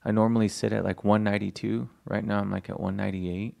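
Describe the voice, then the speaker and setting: A man's voice: fairly low pitch, level tone, fast talker, vocal fry, dark tone. A man co-hosting a podcast in casual chat, rambling, joking and swearing freely. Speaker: podcast co-host.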